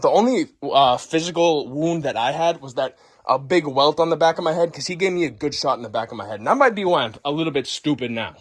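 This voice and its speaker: A young man vlogger telling a story in a loud, profane, boisterous way, acting out the scenes as he goes. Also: on the high side, lively intonation, fast talker. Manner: boisterous, swears constantly, acts the story out.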